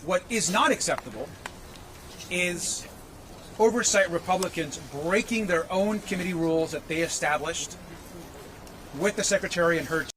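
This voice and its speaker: Slightly higher-voiced man in a news clip. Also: moderate pace, long pauses, a bit bright, slight background noise. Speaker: official speaking in a news clip. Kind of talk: formal press statement.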